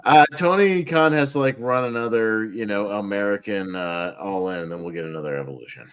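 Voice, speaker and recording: Chatty low-voiced podcast co-host. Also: male voice, brisk, fairly bright tone, smooth. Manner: chatty and upbeat, with repeated words. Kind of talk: casual podcast chat.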